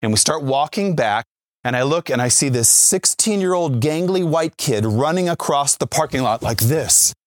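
Animated man telling a faith story. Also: fairly high pitch, normal speed, dry recording, clean studio sound. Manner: animated storyteller, acts out quotes, frequent "right?". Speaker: Catholic speaker, former youth minister.

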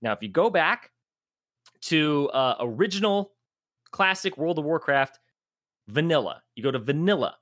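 A man's voice: on the high side, normal speed, pauses often, dry recording, studio quality. A man co-hosting a casual gaming podcast, ranting in an exasperated way, swearing freely and laughing at his own jokes. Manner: swearing, exasperated, animated rants with laughing asides. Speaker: podcast co-host, former esports commentator.

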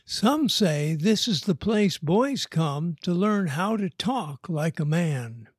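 A man reading a story aloud in an unhurried, measured way. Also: high-pitched, lively intonation, husky, dry recording, studio quality. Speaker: narrator.

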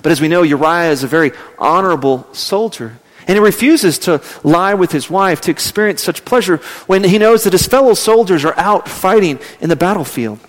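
A man preaching a sermon, telling stories and dropping his voice low and slow for emphasis. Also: animated, long reverb tail. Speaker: pastor.

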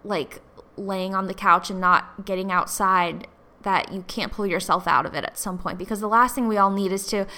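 A woman's voice: medium pitch, steady tone, moderate pace, sharp tone. A young woman in her twenties hosting a solo podcast, talking in a rambling, chatty way full of "like" fillers, tearful from recent crying. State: tearful, has been crying. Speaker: podcast host. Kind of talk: casual solo podcast talk.

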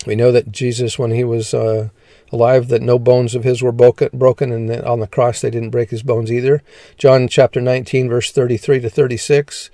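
A man's voice: mid-range voice, flat delivery, moderate pace, warm tone, no echo. A man teaching a scripture lesson, reading verses aloud one after another and often stumbling and correcting himself. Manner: reads verses plainly, stumbling and self-correcting.

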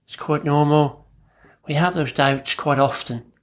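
A man, a therapist, talking calmly and reflectively on his own podcast in short, measured phrases. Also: on the high side. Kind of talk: solo podcast talk.

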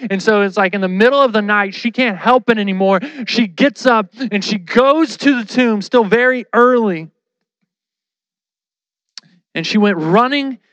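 High, smooth-voiced man preaching casually. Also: a little slow, no room sound, highs cut off. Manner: lively storytelling, acts out voices, slangy. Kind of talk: casual sermon.

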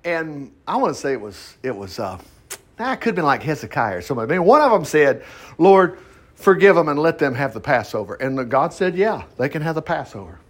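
A man's voice: a little high, very animated, a little fast. A man leading a casual Bible study, reading scripture aloud and riffing on it in a folksy, conversational way with asides. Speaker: pastor. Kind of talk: informal Bible study sermon.

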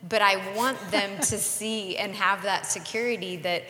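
A woman's voice: mid-range voice, unhurried, sharp tone. A woman in her forties telling a personal story on a podcast, earnest and reflective. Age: 40s. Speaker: podcast co-host. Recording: roomy reverberant room.

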